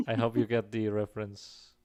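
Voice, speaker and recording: A man hosting a casual stream chat, joking and laughing often, with halting restarts. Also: lowish voice, huge pitch swings, mellow. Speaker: stream host.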